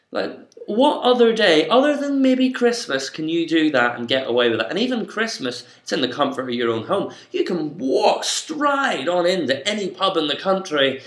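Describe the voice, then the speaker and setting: A man's voice: on the high side, sing-song, a little fast, few pauses, a bit bright. A young Irish man giving a mock-stern, bossy comic rant to camera. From Ireland. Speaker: comedy vlogger. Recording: echoey room.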